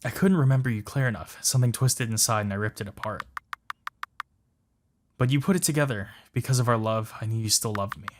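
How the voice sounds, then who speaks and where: Gentle male lover read by a man, soft, coaxing, mid-pitched. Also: a little fast, slight background noise, natural voice. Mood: sorrowful. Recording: music playing behind.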